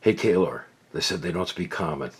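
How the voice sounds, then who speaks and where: A man's voice: expressive, a little fast, breathy edge, heavily acted. Man doing a flustered little girl adventurer. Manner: hushed whisper, then flustered high-pitched stammering.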